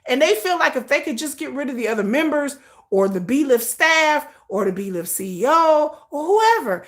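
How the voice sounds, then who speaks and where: A woman's voice: high-pitched, very animated, normal speed. A woman hosting a casual livestream, ranting with profanity and acting out dramatic quoted voices. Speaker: livestream host.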